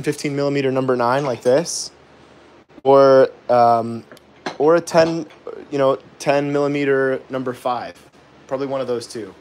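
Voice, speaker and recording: A man hosting a live woodcarving stream, thinking aloud with many pauses and fillers and chuckling at his own jokes as he reads viewer comments. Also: medium pitch, a little mellow, a little hiss or hum. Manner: chuckles often, jokey and self-deprecating. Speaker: woodcarving livestream host. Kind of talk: live carving demo, chatting with viewers.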